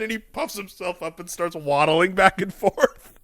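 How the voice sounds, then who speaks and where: A man's voice: high voice, moderate pace, a bit bright, no echo. A man co-hosting a casual podcast, retelling favorite jokes with enthusiasm, lots of ums and dudes. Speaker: podcast co-host. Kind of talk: casual chat.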